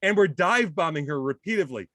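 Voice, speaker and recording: A man's voice: fairly high pitch, a little fast, no room sound, clean studio sound. A man telling a funny story in a casual chat, acting out voices with self-deprecating humor. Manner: animated, acts out voices in his story.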